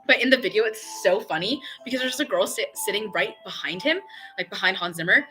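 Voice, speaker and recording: A young woman streamer chatting away with a bright, forceful voice, full of fillers and acted-out quotes. Faint music plays underneath her casual storytelling. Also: medium pitch, fast. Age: young adult. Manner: chatty, excitable, lots of fillers and quoted dialogue.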